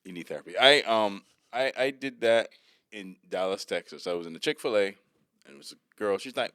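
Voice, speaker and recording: A man's voice: lowish voice, a little fast, clear, resonant tone, no room sound, clean studio sound. A man telling funny stories in casual podcast chat, acting out the people he met. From West Indies. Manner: animated storytelling, acts out voices. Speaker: comedian guest.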